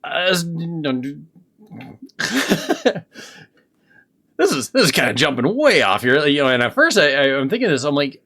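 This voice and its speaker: Rambling halting man reacting to clips. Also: medium pitch, big pitch swings, a bit bright. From Minnesota. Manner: rambling, halting, many restarts. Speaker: commentary channel host. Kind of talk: casual reaction commentary.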